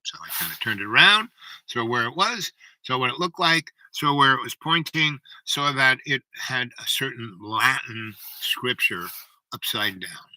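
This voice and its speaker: A man's voice: medium pitch, animated, unhurried, bright, forceful tone, no echo, low-quality recording. A man telling a personal story in a rambling way, full of asides and "you know, right?".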